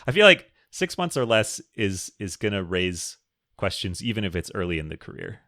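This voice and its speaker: Brief: male co-host, low gravelly voice with a bright edge, casual chat, reads letters, dry sound. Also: big pitch swings, normal speed, no room sound. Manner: reads listener questions aloud, jokey. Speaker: podcast co-host.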